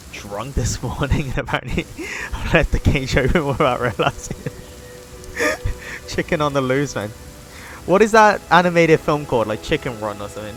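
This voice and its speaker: A man streaming a game live, chatting casually and laughing at his own attempts. His pitch moves in lively swings. Faint music plays behind him. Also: low-quality recording. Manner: laughing, self-deprecating. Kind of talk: live gameplay commentary.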